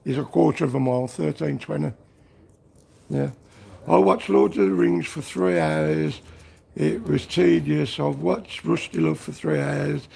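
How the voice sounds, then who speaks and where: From a garage workshop, a man from Liverpool, England livestreams, reading chat, joking and breaking into little bits of song. He speaks unhurriedly in a voice on the high side, creaky and husky with a dark tone.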